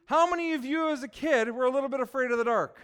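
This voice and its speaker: A man with a high, smooth voice preaches a sermon. He keeps it lively and asks his listeners questions. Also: quick pace. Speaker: children's preacher.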